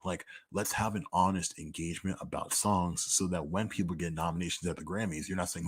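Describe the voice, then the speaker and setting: A man's voice: sits low, fairly even intonation, a little fast, breathy edge. A young man talking candidly and profanely through a list of personal questions, in a loose, conversational way full of "like.". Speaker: podcaster answering listener questions. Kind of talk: casual monologue.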